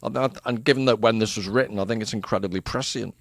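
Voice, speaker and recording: A man's voice: fairly low pitch, fast talker, no echo, studio quality. A man co-hosting a casual discussion podcast, wry and self-mocking, steering the talk back to the book over a remote call. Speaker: podcast co-host. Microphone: remote video call.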